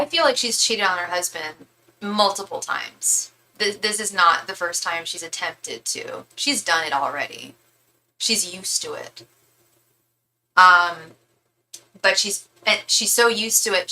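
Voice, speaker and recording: A young woman reads tarot live, chatting loosely and emphatically with lots of restarts and slang. Her voice is bright and sits at an ordinary pitch. Faint room noise hums behind her. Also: low-quality recording. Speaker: tarot reader. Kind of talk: live-stream tarot reading.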